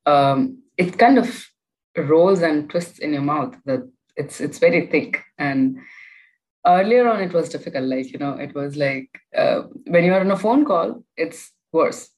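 Young female student guest, low voice, chatty, rambling delivery full of fillers. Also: expressive, unhurried, a little mellow, rough recording. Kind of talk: casual interview.

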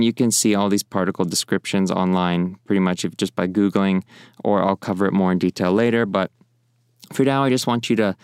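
A man with a lowish, smooth voice gives a casual language lesson. He rambles between points and slows down to repeat example phrases. The sound is close and dry. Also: dry recording. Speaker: language teacher.

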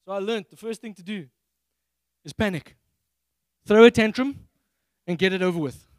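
A man from Africa, preaching a sermon on a handheld mic and acting out prayers in a high, excited voice. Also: normal speed, no room sound. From South Africa. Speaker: pastor.

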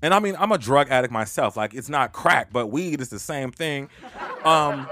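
A man's voice: moderate pace, soft background music. A man hosting a podcast and telling a long story casually, frank and profane, laughing as he talks. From Los Angeles. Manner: animated, swings into loud high-pitched quoted voices. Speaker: podcast host.

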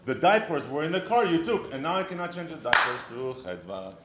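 A man's voice: on the high side, lively intonation, brisk, a bit bright, a little hiss or hum. Brief: an exasperated nagging wife, played by a man, accusing, echoey room. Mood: scolding. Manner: complaining, accusing list of grievances. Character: exasperated scolding wife, adult woman.

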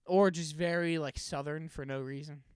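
High, smooth-voiced young man chatting. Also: fairly even intonation, moderate pace, a little mellow, dry recording, clean studio sound. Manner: playful, laughs often, acts out quoted greetings. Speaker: podcast co-host. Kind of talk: casual chat.

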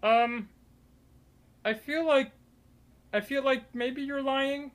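A man voicing a suspicious male cultist guard with a high, loud, questioning voice. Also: steady tone, slow pace, heavily acted.

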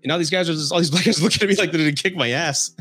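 A man's voice: on the high side, very fast, sharp tone, breathy edge, no echo, soft background music. A man from San Antonio hosting a podcast, telling dating stories and giving advice in a casual way, chuckling often as he talks. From San Antonio, Texas, US. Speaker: podcast host.

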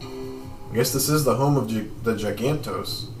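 A man's voice: medium pitch, measured pace. A man casually narrating a video game playthrough, describing the action as he goes. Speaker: let's play narrator. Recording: echoey room, distant mic, faint music.

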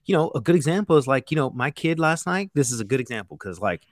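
A man in his thirties who works as a chef tells stories in a relaxed, rambling way. His talk is full of "like" and "you know," with some swearing. His voice sits at an ordinary pitch for a man and sounds dry and close to the mic. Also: quick pace, no room sound. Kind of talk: casual storytelling chat.

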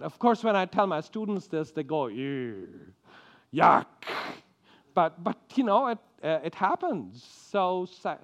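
A man from India preaching a sermon, acting out quotes and often stumbling over and repeating his words. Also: fairly high pitch.

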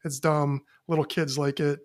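A man's voice: on the high side, level tone, normal speed. A man co-hosting a casual sports talk show, blunt and matter-of-fact. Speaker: podcast co-host.

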